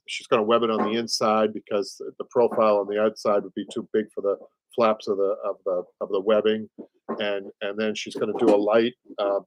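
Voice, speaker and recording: On a casual upholstery livestream, a Boston-accented man in his sixties from the Boston area rambles along, laughing often and repeating words. His voice sits on the low side, with no room sound.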